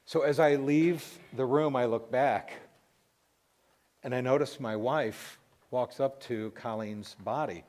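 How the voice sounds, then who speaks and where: Middle-aged man, heartfelt testimony, voice cracking with emotion, halting delivery. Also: mid-range voice, a little mellow. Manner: emotional, voice breaking, pausing and restarting. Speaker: Christian radio host telling a personal story.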